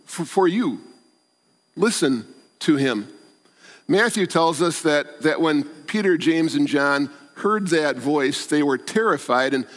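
A man preaching a sermon as pastor, earnest and pleading, repeating words for emphasis. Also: a little high. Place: church. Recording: long church reverb.

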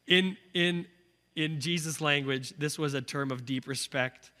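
A man's voice: a little high, a little slow, bright, forceful tone. A man in his thirties preaching a sermon as a pastor, conversational and earnest, often checking in with "right?". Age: 30s. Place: church sanctuary. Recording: echoey church hall.

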